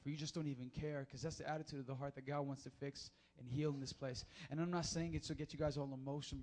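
A man's voice: mid-range voice, a little mellow. A man preaching a sermon as a youth pastor, casual and slangy, moving into prayer in a church sanctuary. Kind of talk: sermon and altar-call prayer.

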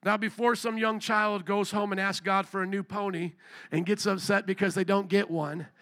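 A man's voice: sits high, flat delivery, moderate pace, a bit bright. A middle-aged male pastor preaching a sermon in a candid, conversational way, with his intensity rising and falling.

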